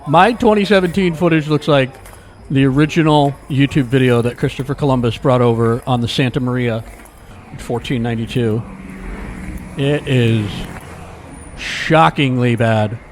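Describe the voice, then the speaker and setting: A man's voice: medium pitch, moderate pace, a little hiss or hum. A man giving a casual walking-tour narration as a vlogger, chatty and full of jokey, rambling asides, recorded outdoors on city streets.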